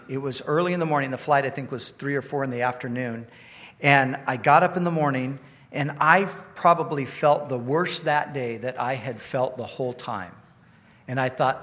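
A man's voice: mid-range voice, moderate pace, fairly bright tone. A male pastor telling a personal story in a sermon, in a conversational, self-deprecating manner that repeats phrases.

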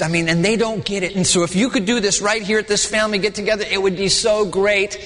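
High-voiced preacher in a reverberant hall. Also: male voice, moderate pace, a bit bright. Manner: dramatic, acts out voices of the people in the story. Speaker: pastor. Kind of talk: sermon.

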